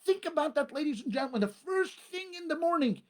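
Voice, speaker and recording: A man, a rabbi, preaching a sermon with emphatic repetition and dramatic pauses. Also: extremely high pitch, animated.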